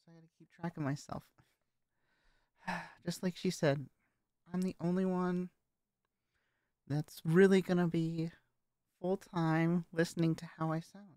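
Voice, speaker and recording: A woman vlogger talking casually about her voice training, hesitant and halting, with frequent swearing. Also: lowish voice, steady tone, warm tone, dry recording. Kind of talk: casual vlog commentary.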